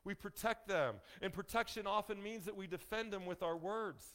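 Higher-voiced folksy male preacher. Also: a bit bright. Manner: folksy, joking asides to the congregation; emphatic, slows down on key phrases. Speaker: pastor. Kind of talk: sermon.

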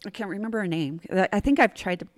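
Brief: middle-aged woman, podcast guest, lively storyteller whose pitch swings widely. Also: fast. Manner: animated, vivid storyteller. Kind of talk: telling a personal story in casual chat.

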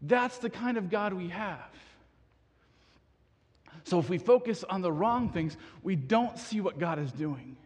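High-voiced husky preacher in a hall. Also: male voice, expressive, a little slow, a little mellow. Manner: earnest, asks the congregation questions, frequent restarts. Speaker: pastor. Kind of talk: sermon.

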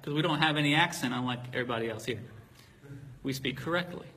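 A man's voice: medium pitch, fast, sharp tone, big-room sound. A man from Virginia preaching a sermon, telling personal stories in a casual, joking way. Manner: conversational, jokey storytelling.

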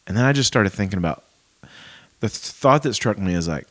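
Deep-voiced man telling a heartfelt story. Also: expressive, fairly quick, no echo. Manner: storytelling, acts out dialogue softly. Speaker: pastor. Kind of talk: casual podcast chat.

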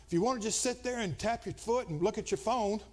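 High-voiced preacher shouting and hushing. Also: male voice, fast. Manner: swings from quiet and conversational to loud, shouted preaching. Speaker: pastor. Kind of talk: Pentecostal sermon.

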